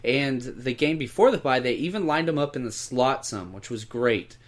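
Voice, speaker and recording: On this podcast, a male co-host with a mid-range, animated voice talks through fantasy football picks at a moderate pace. The chat is casual, but he's emphatic, pressing listeners to make moves and pick up players.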